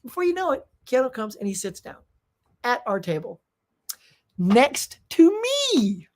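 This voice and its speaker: A middle-aged woman hosting a casual live Q&A, telling rambling, animated stories with many fillers while losing her voice. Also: a little high, a little fast. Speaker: host.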